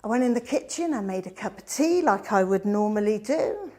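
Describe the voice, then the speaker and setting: A middle-aged woman tells her own life story as a presentation. She is an animated storyteller who swings from bright emphasis to hushed asides. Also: mid-range voice, brisk, faint music behind.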